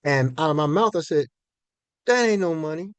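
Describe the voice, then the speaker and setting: A man's voice: a little high, animated, normal speed, clean tone, no room sound. A man in his sixties giving a finance talk to an audience as a folksy, conversational storyteller who often repeats and restarts his words. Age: 60s.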